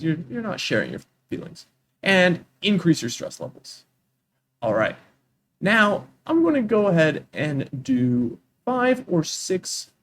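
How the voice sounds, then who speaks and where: A young man explains English as a tutor, his voice sitting a little high and swinging widely up and down. He talks with deliberate pauses and expressive intonation. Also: slight background noise. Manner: expressive, deliberate pausing and rising-falling intonation. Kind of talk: online English lesson. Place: lives in Vietnam.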